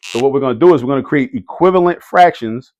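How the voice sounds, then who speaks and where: A man's voice: mid-range voice, quick pace, darkish tone. A man giving a casual math lesson who repeats key words for emphasis and keeps checking in with "right?". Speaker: math teacher. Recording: dull lo-fi audio.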